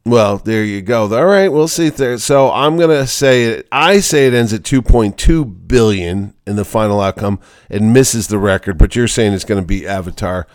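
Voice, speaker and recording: A man's voice: fairly low pitch, no room sound, studio quality. A man hosting a casual podcast, chatting about a movie he saw. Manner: chatty, talks quickly with restarts. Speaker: podcast host, convention organizer.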